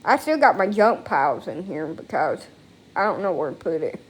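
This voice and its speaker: A woman's voice: on the low side, big pitch swings, moderate pace, breathy edge. A woman talking casually into a phone at home, rambling and emotional, with frequent swearing. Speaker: vlogger. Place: at home, indoors.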